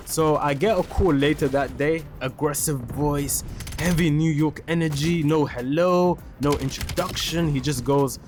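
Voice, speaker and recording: A man's voice: fairly high pitch, unhurried, noisy background. Young man telling a story while gaming. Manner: casual, slangy, breaks off to react to the game. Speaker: streamer and storyteller. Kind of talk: casual storytelling over gameplay. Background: game music and gunfire.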